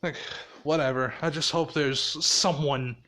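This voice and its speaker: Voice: mid-range voice, steady tone, measured pace, bright, forceful tone, pitched below the performer's own voice. A storyteller voicing a grumpy, bored young hero who complains and swears. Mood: grumbling.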